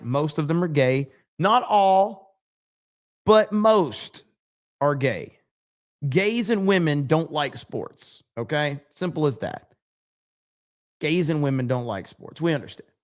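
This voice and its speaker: Man, livestream host, somewhat high voice, loose profane chatter, reads comments aloud. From United States. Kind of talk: casual livestream chat reading comments.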